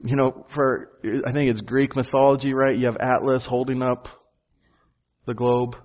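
A man preaching a sermon to his church, earnest, slowing down and stressing key phrases. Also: medium pitch, little pitch movement, lo-fi sound. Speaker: pastor.

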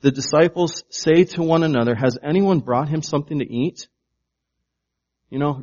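A man's voice: a little high, normal speed, mellow. Emphatic male preacher, muffled recording. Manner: emphatic, varies volume for stress; asks the congregation questions. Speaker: pastor. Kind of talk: sermon.

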